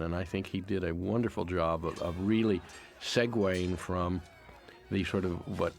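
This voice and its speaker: A man's voice: low-pitched, darkish tone. A man, the film's producer, giving a reflective, appreciative audio commentary, often repeating a word as he finds his thought. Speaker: film producer.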